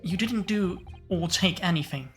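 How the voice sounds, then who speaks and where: A woman's voice: fairly low pitch, moderate pace, faint music behind, lightly acted. A woman voicing an earnest young male defense lawyer who asks probing, questioning lines.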